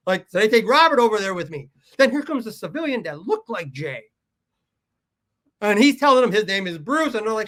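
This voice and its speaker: Casual and profane, this podcast guest from Southern California laughs at his own stories and acts out what others said in character. He talks briskly in a high-pitched, animated, slightly bright voice.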